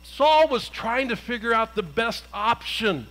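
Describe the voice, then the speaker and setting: High-voiced pastor preaching. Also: male voice, lively intonation, a little slow, fairly bright tone, poor audio. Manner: conversational, asks the congregation questions. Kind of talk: sermon retelling a Bible story.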